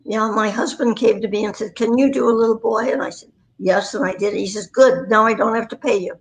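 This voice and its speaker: This guest is a voice actress in her nineties, calling in remotely to a livestream. She talks quickly in a fairly high voice, spinning meandering, self-deprecating career tales, and the recording is rough.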